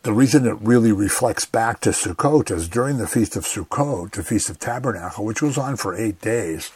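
Man, radio bible teacher, deep voice, earnest and chatty, dry close sound. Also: husky, no room sound. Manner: conversational, earnest, frequent "you know".

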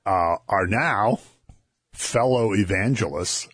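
Male co-host, low husky voice, relaxed conversational storytelling. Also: slow, dry recording, studio quality. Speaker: co-host discussing scripture. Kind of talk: casual Bible discussion.

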